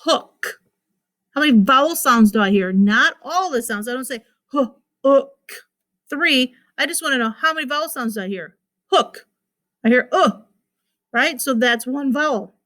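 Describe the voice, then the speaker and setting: A woman's voice: high-pitched, animated, normal speed, pushed and bright. A woman teacher giving a recorded phonics lesson to children, patiently repeating words and sounding out their syllables.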